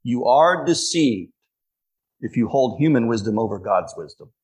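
Husky male preacher giving a sermon. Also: mid-range voice, expressive, a little mellow. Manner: emphatic, slows down for key phrases. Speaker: pastor.

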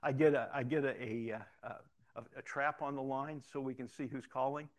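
A man who serves as both a pastor and a police officer gives a storytelling testimony, narrating in an animated way, acting out the dialogue, and often repeating words as he starts a sentence. His voice is medium-pitched at a normal speed.

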